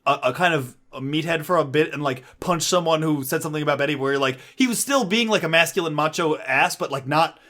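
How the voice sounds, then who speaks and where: A man's voice: a little high, a little fast, few pauses, sharp tone. Rambling man on a podcast. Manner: rambling, lots of "like", restarts. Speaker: podcast co-host. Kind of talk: casual comics discussion.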